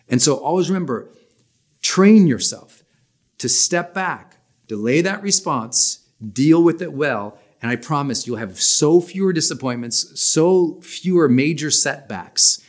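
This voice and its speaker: A man in his forties teaching a personal development class in an energetic, emphatic, conversational way. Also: on the high side. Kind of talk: motivational class talk.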